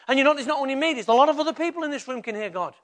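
An older man with a Mancunian accent, a pastor preaching a lively sermon and putting questions to the congregation in church. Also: very high-pitched, racing.

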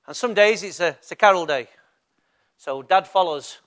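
A man's voice: sits high, moderate pace, fairly bright tone. A male pastor preaching a sermon in a conversational way, rising to emphatic bursts.

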